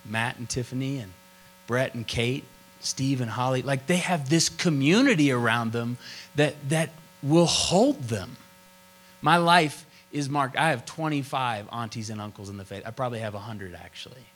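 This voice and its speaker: A man's voice: mid-range voice, normal speed, fairly bright tone, rough recording. Emphatic middle-aged male pastor preaching. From Oklahoma. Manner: emphatic, repetitive preaching cadence. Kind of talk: sermon.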